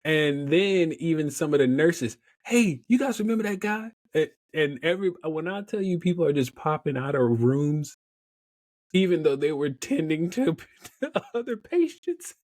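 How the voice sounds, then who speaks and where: A young adult man telling a story as a podcast guest, animated and laughing often, acting out the other voices in his story. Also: fairly high pitch, normal speed, no echo, studio quality. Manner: animated, laughs often, acts out quoted dialogue. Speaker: podcast guest, motivational speaker. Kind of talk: casual storytelling in an interview.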